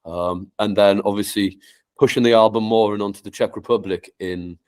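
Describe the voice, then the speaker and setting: A man's voice: fairly low pitch, steady tone, normal speed, a little mellow. Upbeat man from Carlisle. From Carlisle, England. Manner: upbeat, promotional. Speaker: musician guest. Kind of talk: casual chat. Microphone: video call.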